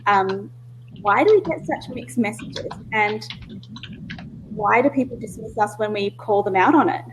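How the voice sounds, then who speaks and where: A woman's voice: medium pitch, animated, unhurried, noisy background. A woman in a casual online discussion, speaking candidly, often losing her thread and laughing at herself. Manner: candid, self-interrupting, laughs easily. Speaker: discussion participant.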